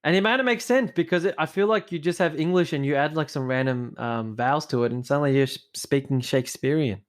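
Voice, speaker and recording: A man's voice: on the high side, quick pace. A man, co-hosting a podcast in playful, teasing casual chat. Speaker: podcast co-host.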